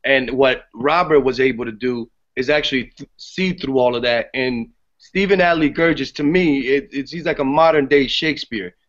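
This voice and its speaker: A man guesting on a podcast, talking about a play in casual, animated chat and swearing freely. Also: medium pitch, normal speed. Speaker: theater guest. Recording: dull lo-fi podcast audio.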